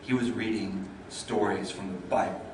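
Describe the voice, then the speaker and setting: A man giving a storytelling speech at a speaking club, swinging from lively and loud to low and hushed. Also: moderate pace, noisy background. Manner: animated, builds up energy then drops low. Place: meeting hall. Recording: echoey hall, mic far off.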